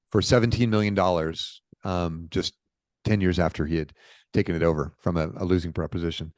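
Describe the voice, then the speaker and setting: A middle-aged man from Portland, Oregon, telling stories as a podcast guest in a lively, informal way. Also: fairly low pitch, no echo. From Portland, Oregon, USA. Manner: animated, informal, peppered with "dude" and "bro". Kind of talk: casual conversational storytelling.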